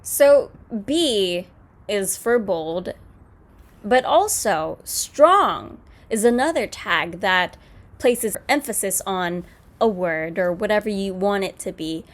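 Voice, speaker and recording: A woman walks through a screen-recorded coding lesson in an easygoing, conversational way. She pauses on fillers and corrects herself as she goes, and her voice sits at an ordinary middle pitch. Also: lively intonation. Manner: casual, explanatory, with fillers and self-corrections. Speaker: coding tutorial host.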